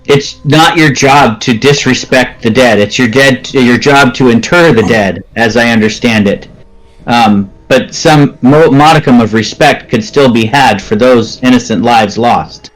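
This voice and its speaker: A man's voice: medium pitch, a little slow, lightly acted, rough recording. A man voicing a stern, formal young woman adventurer who scolds her companion. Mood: stern scolding.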